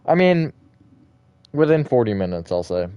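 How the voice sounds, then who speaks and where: Guy streaming a game live, chatty, answers chat, smooth voice kinda muffled. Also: medium pitch, big pitch swings, normal speed, dry recording. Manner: chatty, reacting to viewer comments.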